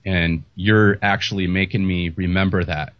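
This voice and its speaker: Deep-voiced middle-aged man, earnest host. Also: steady tone, moderate pace, no echo. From United States. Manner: candid, emotional, rambling with restarts. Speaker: podcast host. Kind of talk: earnest interview talk. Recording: muffled lo-fi audio.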